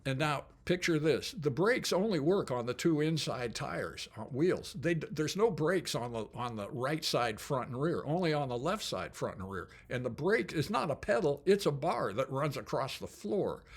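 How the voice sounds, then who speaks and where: An older man reminiscing in relaxed, loose storytelling. He talks with a fairly high voice, full of enthusiasm and colorful asides. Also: normal speed, hardly any pauses, husky. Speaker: company founder. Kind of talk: casual storytelling.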